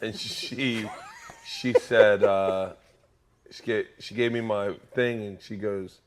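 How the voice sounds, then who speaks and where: A man's voice: on the low side, fairly even intonation, takes it slowly, a little hiss or hum. A man co-hosting a casual comedy podcast, telling goofy stories and playing along with jokes. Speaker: podcast co-host.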